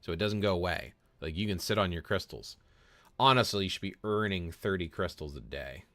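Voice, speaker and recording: A man with a low voice chats casually while streaming a mobile game. He talks to his viewers by name and often repeats words or restarts a thought. The sound is dry and close, with little room echo. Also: fairly quick, sharp tone. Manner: greets viewers by name and answers chat. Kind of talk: casual live-stream chat while playing.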